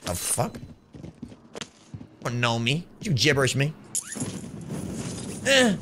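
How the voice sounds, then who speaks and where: A man's voice: medium pitch, expressive, a little slow, background noise. A man with an Irish accent, live-streaming a shooter game and joking and swearing as he reads chat aloud. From Ireland. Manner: loud, joking, swears freely, shouts at the game.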